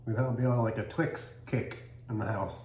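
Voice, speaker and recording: A man's voice: lowish voice, steady tone, moderate pace, darkish tone. A man hosting a casual cookie-tasting vlog, upbeat and chatty as he talks while chewing. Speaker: cookie reviewer, channel host. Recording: echoey room, faint background noise.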